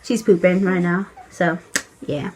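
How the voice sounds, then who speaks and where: A woman's voice: steady tone, unhurried. Young woman, new mom vlogger, casual chat to camera, lots of "like", faint hiss behind. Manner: chatty, many "like" fillers, coos in a high voice to her baby. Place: at home, feeding her baby.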